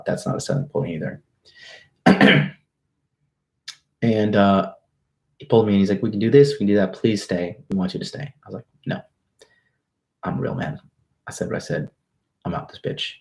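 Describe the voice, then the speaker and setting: Speaking directly to his livestream audience, a dating coach tells a story with easygoing swagger. His voice is lowish with a darkish tone, and his speech is full of profanity and brash slang.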